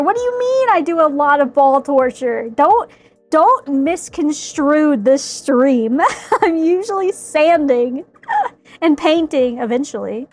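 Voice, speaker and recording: A woman's voice: high voice, a little slow, soft background music. A woman streaming casually from an indoor workspace as she works on a craft, laughing often and exclaiming in mock fright. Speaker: streamer making a cosplay prop. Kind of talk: casual live-stream chat.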